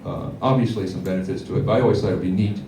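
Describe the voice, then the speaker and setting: A man doing a stand-up set at a comedy club, with a rambling, deadpan delivery full of fillers. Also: low voice, rapid-fire, a little hiss or hum. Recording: echoey club, heard from far off.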